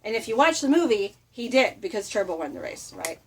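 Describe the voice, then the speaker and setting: A middle-aged woman giving a casual motivational talk, chatty and animated, often laughing and acting out little quotes. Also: a little high, a little fast, a little hiss or hum. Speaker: motivational vlogger.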